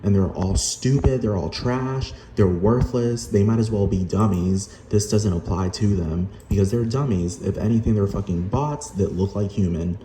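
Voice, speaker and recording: A man's voice: on the low side, moderate pace, few pauses, dark tone. A man ranting angrily in a vlog, swearing and repeating himself, again and again asking whether the listener understands. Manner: heated, repetitive, profane, keeps asking "do you understand?". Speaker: vlogger. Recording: echoey room with noise behind.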